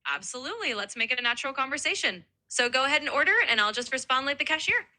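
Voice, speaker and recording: A woman's voice: high voice, very animated, fast, pushed and bright. A synthetic female voice assistant, upbeat and helpful, explaining things in a chatty tutoring style.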